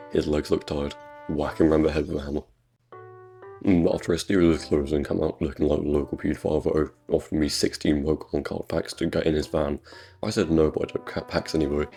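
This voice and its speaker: A man's voice: a bass voice, creaky, dark tone. A British man giving crude, sarcastic, joke-filled gameplay commentary on his own channel. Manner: crude, sarcastic jokey rambling. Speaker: gaming YouTuber.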